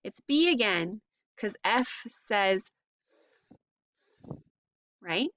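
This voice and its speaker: A woman teaching phonics to young children, sounding out letters slowly and asking encouraging questions. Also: mid-range voice, lively intonation, fairly bright tone, highs cut off.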